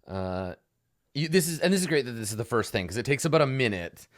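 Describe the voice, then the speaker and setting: A man narrating as game master in a tabletop game, talking in a relaxed, halting way with many fillers. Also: medium pitch.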